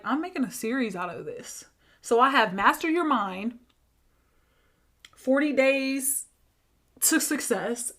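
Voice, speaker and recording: Woman coach on her podcast, kinda high voice, super animated, acts out who said what, laughs a lot. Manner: animated, acts out quoted dialogue, laughs often. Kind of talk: casual storytelling monologue.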